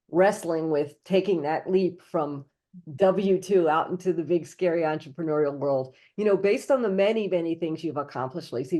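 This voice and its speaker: A woman's voice: lowish voice, darkish tone. A woman hosting a casual interview podcast, upbeat and encouraging, laughing easily. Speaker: podcast host.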